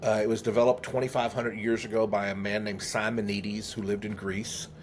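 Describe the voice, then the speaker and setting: Earnest man telling a story, halting. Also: lowish voice, little pitch movement. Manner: earnest, halting, many restarts. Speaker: guest, memory trainer. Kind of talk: storytelling in a podcast interview.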